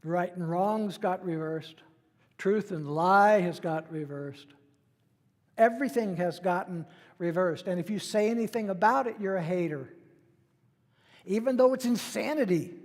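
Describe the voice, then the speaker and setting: A man's voice: high-pitched, expressive, measured pace, creaky, long pauses, a little mellow, in a large hall. A middle-aged man preaching a sermon in a conversational way, acting out the voices he quotes. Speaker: pastor.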